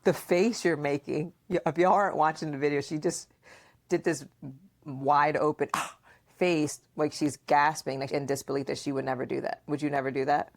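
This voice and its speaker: A woman hosting a casual podcast chat, asking questions and acting out remembered dialogue in a playful, animated way. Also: low voice, normal speed. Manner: frequent laughter and questioning. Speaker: podcast host and mother.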